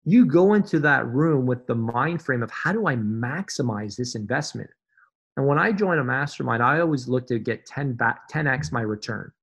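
Guy on a podcast pumping people up, punchy and repetitive, steady middle voice. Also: mid-range voice, normal speed, few pauses. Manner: emphatic, motivational, repeats phrases for effect. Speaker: podcast guest, fitness business coach. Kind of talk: conversational interview.

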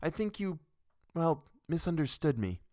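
A man's voice: a little high, sing-song, unhurried, darkish tone, no room sound, clean studio sound, voice pushed up. A man reading a story, voicing an anxious, persistent young wife who pleads her case. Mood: defensive. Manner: pleading, insistent, defensive. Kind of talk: audiobook character reading.

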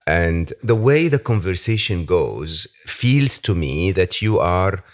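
Deep-voiced man hosting a warm interview. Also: sing-song. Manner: reflective, pausing often, laughs easily. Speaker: podcast host. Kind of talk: casual interview chat.

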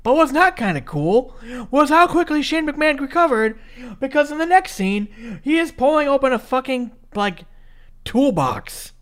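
A podcast co-host in their thirties from Minnesota recaps a wrestling match in casual conversation. Their high, sing-song voice moves at a moderate pace, full of swearing, frequent "likes," and restarted sentences.

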